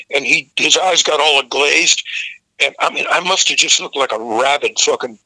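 Older man, bright and very cutting, swears freely while spinning an interview anecdote. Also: fairly high pitch, moderate pace, dry recording, low-quality recording. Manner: profane, vivid storyteller who acts out the people in his story. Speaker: guest vocalist. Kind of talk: storytelling in a casual interview.

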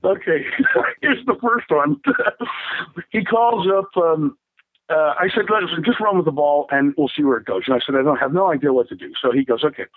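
A man with a high, light voice tells long rambling stories, chuckling and tripping over his words as he goes. It sounds like an older musician on a tinny, boxy phone line. The sound is close and completely dry. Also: moderate pace, no room sound. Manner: rambling anecdotes with frequent laughs and restarts. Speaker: rock drummer interviewee. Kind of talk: casual storytelling interview.

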